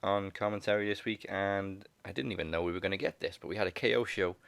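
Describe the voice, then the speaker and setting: A man's voice: sits low, steady tone, quick pace, vocal fry, a bit bright, no room sound. A man co-hosting a wrestling podcast, chatting in a laid-back way and laughing often. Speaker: podcast co-host. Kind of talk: casual chat.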